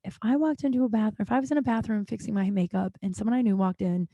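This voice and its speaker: A woman's voice: medium pitch, quick pace, warm tone, dry recording. A woman hosting her own podcast, telling a long, rambling story in a casual, profane, self-deprecating way. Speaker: podcast host.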